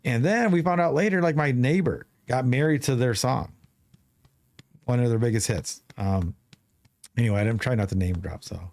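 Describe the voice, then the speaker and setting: A man's voice: mid-range voice, moderate pace, darkish tone. A man hosting a podcast, telling a long story in casual chat with many restarts. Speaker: podcast host.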